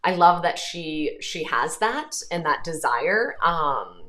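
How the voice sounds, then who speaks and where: Lower-voiced woman in casual chat. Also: very animated, slow pace, fairly bright tone. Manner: chatty, rambling with frequent ums and self-corrections. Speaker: host. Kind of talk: casual livestream chat reading viewer comments.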